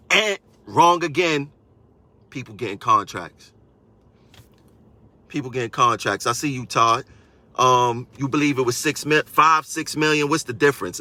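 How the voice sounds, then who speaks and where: A man's voice: mid-range voice, unhurried, sharp tone, no room sound. A man, a transit union member, ranting on a live stream to his viewers in a combative way and repeating phrases for emphasis.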